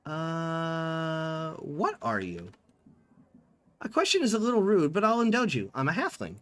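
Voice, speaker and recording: A man's voice: a little high, unhurried. A man streaming a text game, reading its dialogue aloud and chatting about it. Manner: lively, reads in-game dialogue with small voice changes.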